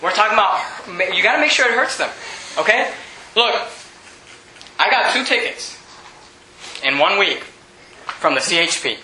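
A man preaching a sermon, emphatic and repetitive, often shouting. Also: sits high, expressive, moderate pace, long pauses, echoey room, a little hiss or hum, low-quality recording.

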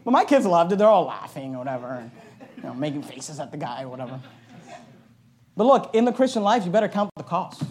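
Loud, high-voiced middle-aged male pastor. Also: sing-song, fast talker. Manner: loud, emphatic delivery; conversational storytelling with asides. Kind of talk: sermon with personal anecdote.

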